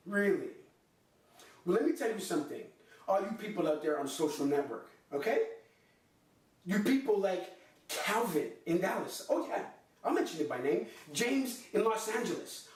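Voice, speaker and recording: A man's voice: very animated, normal speed. A man hosting a sports podcast, delivering an impassioned, theatrical comedic rant. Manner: impassioned and theatrical, swinging between low growls and high outbursts. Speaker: podcast host. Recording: echoey room, far from the mic.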